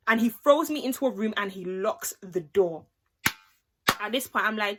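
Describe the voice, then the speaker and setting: A young woman telling an animated, slangy story in a casual vlog, acting out the people she talks about. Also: medium pitch, normal speed, very noisy. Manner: animated, acts out the voices of the people in her story; slangy, chatty, with lots of "like" and "innit". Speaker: vlogger.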